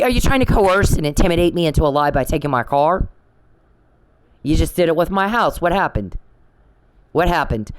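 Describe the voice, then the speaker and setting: A woman's voice: sits low, a little mellow, low-quality recording. Woman podcaster, angry repetitive rant, swears. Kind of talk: angry monologue addressed to one person.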